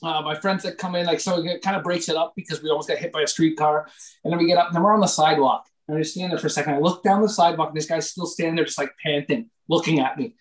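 This young Canadian comedian sounds a little high-pitched for a man and tells his story in a loose podcast chat. He swears a lot, piles on filler words and stays animated the whole way through. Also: rapid-fire, a little hiss or hum, low-quality recording.

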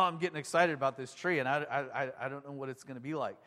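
Male pastor, sermon, high voice, eager and chatty with the congregation, long hall reverb. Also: quick pace, hardly any pauses, sharp tone. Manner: enthusiastic, conversational, asks the congregation questions.

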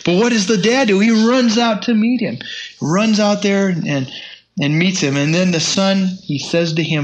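High-voiced man teaching a sermon. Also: moderate pace, slight background noise. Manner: reads scripture aloud with rising emphasis. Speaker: Bible teacher.

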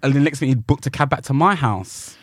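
A man's voice: medium pitch, expressive, fast, no room sound. A man, co-hosting a podcast and chatting casually about his dating life, acting out what others said. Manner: chatty storyteller who acts out other people's lines. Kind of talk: casual chat.

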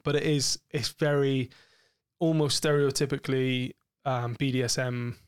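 A man's voice: medium pitch, steady tone, normal speed, smooth, no room sound, clean studio sound. A man, co-hosting a podcast, talking frankly and explicitly about sex in a rambling way with many fillers. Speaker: podcast co-host.

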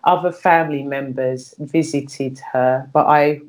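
A middle-aged woman with a notably low voice talks candidly as a guest. She is frank and earthy, often doubling back on her words, and she keeps a plain conversational tone. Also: fairly even intonation, unhurried. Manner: frank and earthy, repeats words while searching for them.

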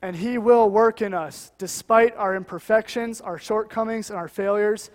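A man's voice: sits high, fairly even intonation, normal speed, long reverb tail. A man preaching a sermon in an earnest, conversational way, with many "you know" asides. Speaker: guest preacher.

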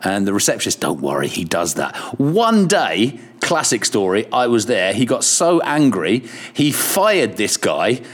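A man's voice: lowish voice, very animated, a little slow, hardly any pauses. A middle-aged man, a radio presenter, telling anecdotes in a casual interview, swearing freely and laughing often. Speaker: radio presenter, podcast guest.

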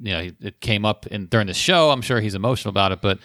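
A lower-pitched man telling a story with a bright, forceful edge. He's a stand-up comic, animated and quick to act out the people he quotes. The sound is dry and close, with no room echo. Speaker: stand-up comedian, podcast guest. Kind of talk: casual storytelling chat.

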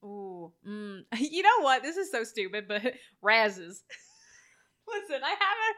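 A woman's voice: on the high side, very animated, a bit bright. A woman co-hosting a casual podcast chat about a film, joking and laughing often. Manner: giggly, jokey, quick to laugh. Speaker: podcast co-host.

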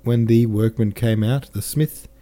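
A man reading a classic novel aloud as a podcast narrator, measured and careful, now and then correcting himself. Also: mid-range voice, fairly even intonation, dark tone. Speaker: audiobook narrator.

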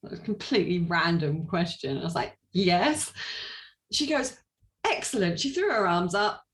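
In a lowish voice and at a brisk clip, a woman from England recounts her own story as an interview guest. She tells it animatedly, laughing often and leaning on fillers.

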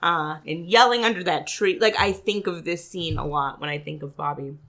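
A woman co-hosting a podcast in casual chat, chatty and quick to giggle. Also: on the low side, a bit bright. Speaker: podcast co-host.

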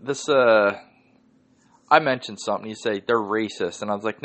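A man's voice: lowish voice, moderate pace, a bit bright. Swearing Philly man ranting on a podcast. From Northeast Philadelphia. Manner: profane, ranting, heavy swearing. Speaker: podcast host. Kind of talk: solo podcast rant.

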